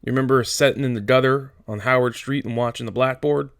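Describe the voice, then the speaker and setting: A man voicing a small, irritable male ranch hand who scolds in a gruff, exasperated way. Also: medium pitch, fairly even intonation, quick pace, no echo, clean studio sound, voice pushed up, close to an everyday voice. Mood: scolding.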